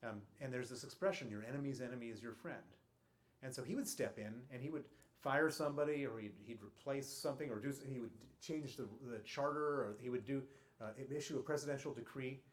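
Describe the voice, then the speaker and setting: A man's voice: medium pitch, fast talker. Man telling a story at a lecture. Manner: emphatic, punchy storytelling with dry humour and frequent restarts. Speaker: guest speaker at a public talk. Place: college lecture hall.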